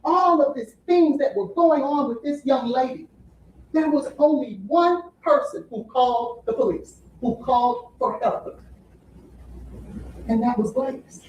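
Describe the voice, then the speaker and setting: Addressing the jury in her opening statement, a female defense attorney keeps emphatically repeating "you'll hear," speaking unhurriedly in a high, darkish voice. The courtroom audio is lo-fi, echoey and from far away, with slight background noise.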